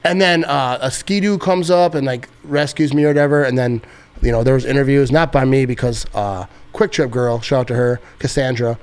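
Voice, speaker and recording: A man's voice: mid-range voice, fairly quick, clear, resonant tone. A young man telling stories as a podcast guest, casual and rambling, full of fillers and frequent laughs. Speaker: podcast guest, sports content creator. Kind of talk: casual storytelling.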